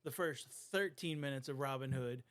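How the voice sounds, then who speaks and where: A man's voice: medium pitch, normal speed, a bit bright. Rambling man acting out voices. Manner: rambling, acts out quoted voices. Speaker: podcast co-host. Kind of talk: casual chat.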